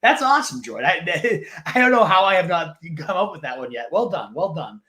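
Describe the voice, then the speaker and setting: A man's voice: high voice, sing-song, fairly quick, crowd noise. A man co-hosting a casual fantasy football chat, enthusiastic and thinking aloud with fillers.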